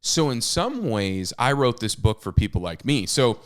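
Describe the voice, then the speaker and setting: His mid-range voice has a sing-song lilt and moves at normal speed. This thirtysomething author and podcast co-host tells frank, self-deprecating stories casually, heavy on fillers and restarts.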